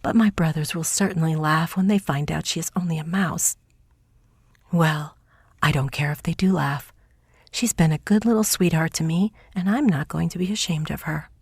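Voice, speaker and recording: A woman's voice: low voice, moderate pace, vocal fry, husky, no room sound, clean studio sound, full character voice. Woman reading a modest young farm lad. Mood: earnest. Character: gentle, modest young farmer's son.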